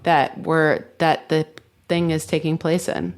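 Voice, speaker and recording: Chatty woman, lowish voice. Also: steady tone, unhurried. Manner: chatty, heavy use of "like". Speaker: podcast co-host. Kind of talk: casual chat.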